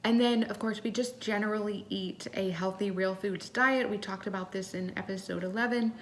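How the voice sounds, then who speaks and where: A woman's voice: medium pitch, steady tone, normal speed. A woman co-hosting a casual podcast, talking in a chatty way with many ums and self-corrections. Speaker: podcast co-host.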